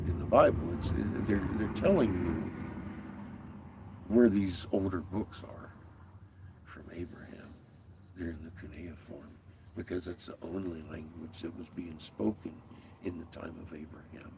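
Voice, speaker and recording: A man's voice: medium pitch, darkish tone. Man on a heated, swearing rant in a car, mid-range voice, light road hum. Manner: profane, heated, rambling monologue. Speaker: video creator. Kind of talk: casual rant.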